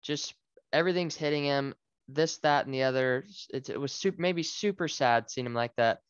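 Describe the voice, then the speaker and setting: A man's voice: mid-range voice, normal speed, clean tone, dry recording, dull audio. A man co-hosting a book podcast, talking earnestly and with feeling, stumbling and repeating words. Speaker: podcast co-host. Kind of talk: casual book discussion.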